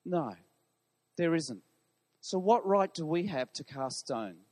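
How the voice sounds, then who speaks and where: A man's voice: a little high, expressive, slow pace, a little mellow. A man preaching a sermon to his congregation, putting questions to the listeners. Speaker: pastor. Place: church hall. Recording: long reverb of a large hall.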